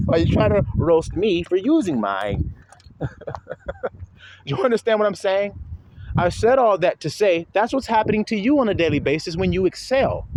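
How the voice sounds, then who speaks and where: Animated storytelling man, noisy recording. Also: high voice. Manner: animated storytelling with rhetorical questions. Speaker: online preacher. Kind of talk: casual religious talk. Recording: noisy background.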